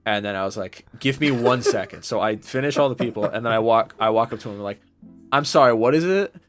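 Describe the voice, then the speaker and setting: Over music in the background, a young male podcast co-host with a fairly low voice tells a story at a quick pace. His casual chat rambles, packed with fillers and free swearing.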